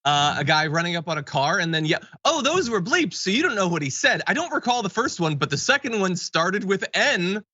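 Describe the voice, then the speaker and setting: A man's voice: sits high, very animated, bright, forceful tone, breathy edge, dry recording, muffled recording. A man hosting a live political news show, delivering the stories with dry, sarcastic commentary. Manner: sarcastic, wry and quick. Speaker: news talk show host.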